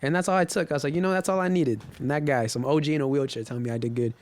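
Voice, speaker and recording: A man's voice: fairly high pitch, racing, darkish tone. A man from the Inland Empire in California, a podcast guest telling stories loosely in casual chat, full of slang and swearing.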